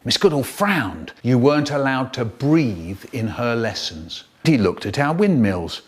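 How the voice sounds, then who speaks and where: A man telling a school story to children in an animated, theatrical way. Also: unhurried, few pauses, breathy edge. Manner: animated, theatrical storytelling with sudden jumps in pitch. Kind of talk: storytelling for children, cut up in a remix.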